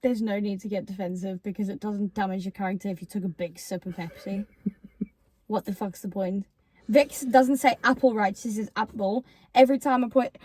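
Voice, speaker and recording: A woman's voice: medium pitch, a little mellow, no room sound. Blunt, sweary young woman. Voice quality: blunt, sweary and mock-scolding. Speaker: co-host. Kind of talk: casual chat.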